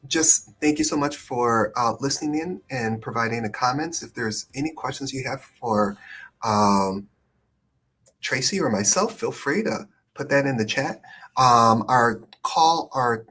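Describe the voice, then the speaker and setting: A man hosting a live stream as an immigration attorney, talking in a thoughtful, hedging way with many pauses and ums. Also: mid-range voice, fairly bright tone, slightly rough. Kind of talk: conversational live stream chat.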